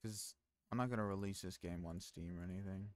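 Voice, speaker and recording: A man's voice: sits low, steady tone, a little fast, no echo, studio quality. A man streaming, chatting casually with his viewers in a rambling way full of fillers and restarts. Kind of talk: casual stream chat, reading chat aloud.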